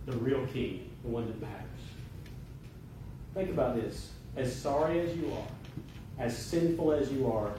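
A man, a pastor, preaching a sermon and leading a prayer, emphatic when preaching and quieter and slower in prayer. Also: mid-range voice. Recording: echoey hall, distant mic, noisy.

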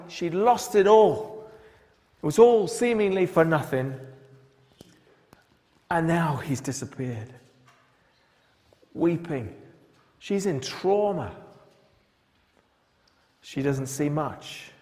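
A man preaches, his voice pitched a little high and his delivery unhurried and deliberate. He retells the Bible story with drama and keeps asking his listeners questions. A long church reverb trails after every phrase. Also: darkish tone. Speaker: pastor. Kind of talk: sermon. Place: large church.

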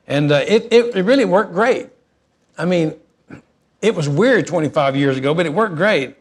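Middle-aged man, folksy pastor, slightly high voice, animated storytelling sermon. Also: husky. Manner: folksy, animated, shifts between fast asides and slow emphasis.

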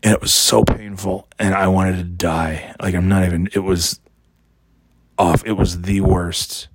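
Hoarse guy in a vlog, real low gravelly voice, worn out and annoyed, swears a lot. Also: level tone, a little slow, dry recording. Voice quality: gravelly, raspy. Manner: exasperated, rambling, profane. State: hoarse from coughing. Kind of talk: casual ranting vlog.

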